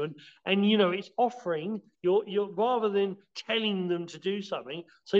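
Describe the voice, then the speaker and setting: A high-pitched man talks casually as a podcast guest, teaching martial arts ideas in halting bursts. He trips over his words, restarts often, and leans on fillers as he explains. The audio is dull and lo-fi. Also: darkish tone. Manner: halting, many restarts and "you know"s; explains by acting out scenes.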